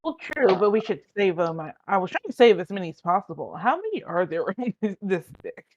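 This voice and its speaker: A woman's voice: medium pitch, big pitch swings, fairly quick, a little mellow, lo-fi sound. A woman playing a tabletop game on a call, talking hesitantly and thinking aloud. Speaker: player. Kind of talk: casual tabletop game chat.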